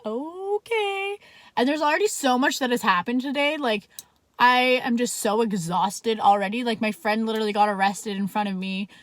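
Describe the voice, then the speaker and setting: A woman's voice: on the high side, steady tone, a little fast, dry recording. A young woman telling a story in a casual vlog, talking chattily with constant "like" fillers and plenty of swearing. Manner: chatty, fills speech with "like", swears freely.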